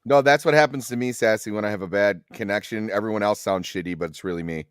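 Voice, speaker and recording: A man talks through details of a film's shots in a relaxed group chat over a call. His voice sits somewhat low, and the sound is dry. He speaks thoughtfully. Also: quick pace, clear, resonant tone, dry recording.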